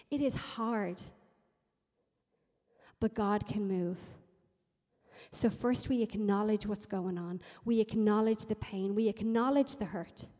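A woman's voice: mid-range voice, mellow, long reverb tail. A woman preaching a sermon in an emphatic, repetitive style that builds in intensity.

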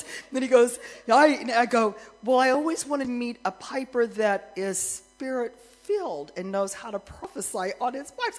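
A middle-aged woman worship minister telling a lively story as part of a sermon, getting more excited and louder as it goes. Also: a little high, normal speed, hardly any pauses, low-quality recording. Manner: animated storyteller, grows excited and loud, laughs.

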